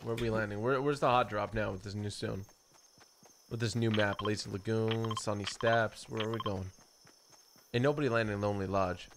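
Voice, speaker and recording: Gaming host, male, playful and jokey, gravelly. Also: on the low side, fairly even intonation, normal speed, heavy background noise. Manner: joking, playful. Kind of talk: casual gameplay chat. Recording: loud game music behind.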